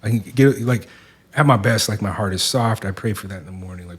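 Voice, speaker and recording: A man in his forties from the Seattle area, a podcast guest talking in a reflective, soft-spoken way with many fillers. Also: on the low side, steady tone, brisk, slightly rough. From Seattle area, USA. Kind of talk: casual podcast conversation.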